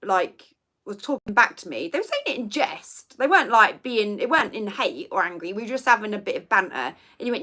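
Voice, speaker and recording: A woman's voice: medium pitch, big pitch swings, fast talker, pushed and bright. A middle-aged woman, chatting casually as host of a livestream and telling stories with plenty of asides. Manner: chatty storytelling with laughs and asides. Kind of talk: casual chat.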